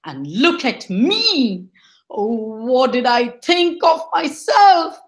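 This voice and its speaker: A woman's voice: high voice, very animated, takes it slowly, echoey room, exaggerated voice. A woman voicing a proud young man, angry and humiliated, in an exclaiming, self-pitying manner.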